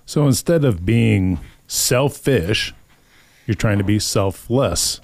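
A man's voice: lowish voice, takes it slowly, gravelly, no echo. A man hosting a podcast, casually retelling a scripture story and acting out the people's voices in quotes. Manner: animated storyteller who acts out voices in quotes. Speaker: podcast host.

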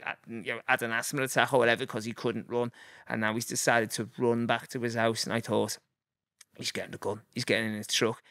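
A man's voice: mid-range voice, gravelly, a bit bright, dry recording, studio quality. A man in his forties with a Liverpool accent, telling stories in a rambling, casual way with lots of fillers. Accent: Liverpool (Scouse). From Liverpool, England. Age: 40s. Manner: rambling, many fillers, acts out voices. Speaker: guest. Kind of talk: casual storytelling.

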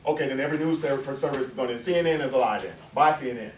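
A man's voice: medium pitch, very fast, slight background noise. A man giving an impassioned college lecture, emphatic and conversational, firing off rhetorical questions. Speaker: guest lecturer. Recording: echoey room, mic far off, faint ambience.

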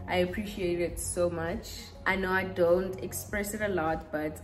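A young woman from Africa, chatting casually through a makeup routine and telling a story, animated and acting out what people said. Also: fairly low pitch, measured pace, faint music behind. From South Africa. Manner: chatty and animated, acts out quotes. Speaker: beauty vlogger.

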